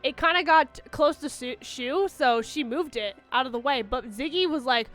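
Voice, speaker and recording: A woman's voice: high-pitched, normal speed, fairly bright tone, soft background music. A young woman streamer chatting casually with her viewers, rambling with lots of fillers and restarts. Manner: baby-talk to her dog.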